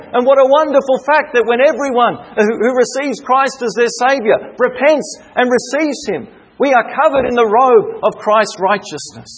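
A man delivers a sermon in a high, husky voice. He preaches earnestly, stressing key words and building through repetition. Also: animated, moderate pace, hardly any pauses, rough recording.

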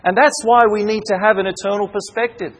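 A man's voice: high-pitched, fairly even intonation, rough recording. A man preaching a sermon, asking rhetorical questions and calling out for amens, drawing out key words and often stumbling over fillers. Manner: slows and stresses key words, with hesitant fillers. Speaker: pastor.

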